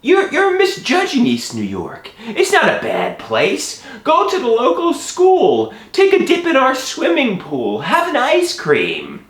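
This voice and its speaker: Gentle elderly lady voiced by a man, high falsetto, lively lilt, echoey room. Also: slow, few pauses, exaggerated voice. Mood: reassuring. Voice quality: raised falsetto. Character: kindly elderly local woman.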